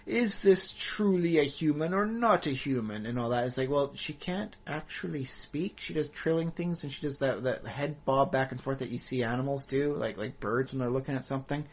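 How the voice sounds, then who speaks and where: A man with a husky voice, chatting on a podcast and rambling with many restarts. His pitch sits in the middle. The audio is dull and lo-fi. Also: brisk, hardly any pauses. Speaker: podcast co-host. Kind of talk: casual chat.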